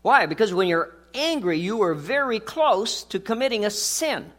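Guy pastor giving a sermon, kinda high voice, chatty, asks the crowd questions. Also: sing-song, moderate pace, fairly bright tone. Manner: conversational, rhetorical questions and jokes.

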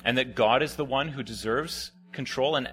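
A young man preaching with a bright, forward tone at a middle pitch. He tells his story casually, leaning in and going soft and hushed whenever he quotes someone. The delivery mixes sermon and storytelling. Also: normal speed. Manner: conversational, drops to quiet near-whispers for quoted lines.

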